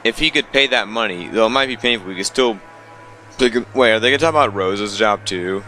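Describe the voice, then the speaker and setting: A man's voice: fairly low pitch, a little fast, sharp tone, faint music behind. Young man reading aloud with wry asides. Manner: wry asides, stumbles over the text. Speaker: let's player. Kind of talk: reading a visual novel aloud with commentary.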